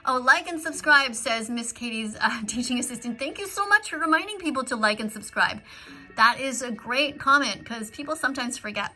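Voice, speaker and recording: A woman's voice: sits high, lively intonation, a little fast, bright, forceful tone, soft background music. A middle-aged woman reading out live-stream comments in casual chat, earnest and pleading as she lectures her viewers.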